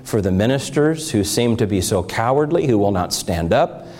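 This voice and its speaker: A man's voice: fairly low pitch, animated, normal speed, darkish tone. Fervent male preacher reading scripture. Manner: emotional, rising to fervent bursts when reading scripture. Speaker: pastor.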